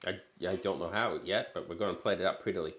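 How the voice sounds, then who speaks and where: A man's voice: deep voice, quick pace, a bit bright, reverberant. A man co-hosting a home cooking stream, chatting casually and reading viewer messages aloud with plenty of ums. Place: small home kitchen.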